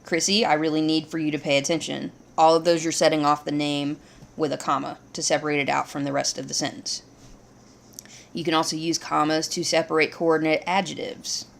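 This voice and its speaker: Woman, low gravelly voice, patient grammar teacher walking through examples. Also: brisk, a little hiss or hum. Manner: steady, explains step by step. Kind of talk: grammar lesson.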